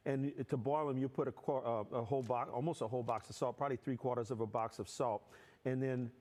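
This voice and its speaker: A middle-aged man, a guest cook, explaining his cooking step by step in a relaxed, rambling way. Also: medium pitch, fast talker. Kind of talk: casual explanation.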